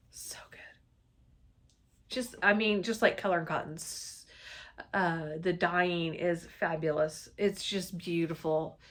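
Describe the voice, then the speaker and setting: Woman vlogger, forties, chatty show-and-tell, gushing and upbeat. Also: mid-range voice. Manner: chatty and enthusiastic, gushing over colors. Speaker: cross-stitch vlogger. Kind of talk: casual show-and-tell chat.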